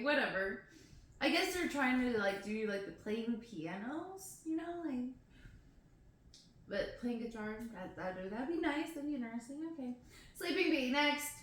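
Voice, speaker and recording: A woman casually reading poems aloud, laughing at herself as she stumbles over hard words and chatting between poems. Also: high-pitched. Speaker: poetry reader. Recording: very echoey room.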